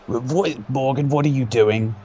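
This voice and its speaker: A man's voice: medium pitch, unhurried, highs cut off, over a noisy crowd. A man doing joking, casual play-by-play commentary, sarcastic and swearing freely.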